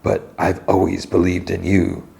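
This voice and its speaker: A man voicing a kindly elderly professor with a gentle, encouraging delivery while retelling a TV scene on a podcast. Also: low voice, completely flat delivery, unhurried, creaky, full character voice. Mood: gentle warm.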